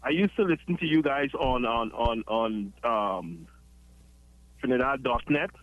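A man's voice: mid-range voice, measured pace, no room sound. A man calls in to a radio show over a dull, muffled line. He chats easily, filling with "you know what I mean". The sound is dry. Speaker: caller. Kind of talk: phone-in call.

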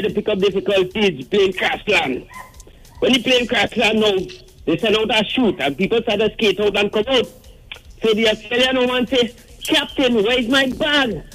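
High-voiced male radio caller. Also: a bit bright. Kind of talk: telling a joke. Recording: phone call on air.

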